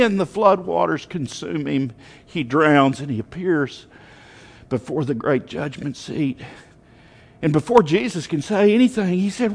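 Preacher, male, lively sermon voice pitched a bit high, recorded with a long church-hall echo. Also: unhurried, creaky. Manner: animated storytelling with emphatic rises.

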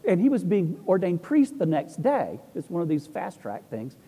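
A man's voice: high-pitched, huge pitch swings, normal speed, mellow, breathy edge. A middle-aged man, an Orthodox priest, telling rambling, humorous stories in a casual talk. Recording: long hall reverb.

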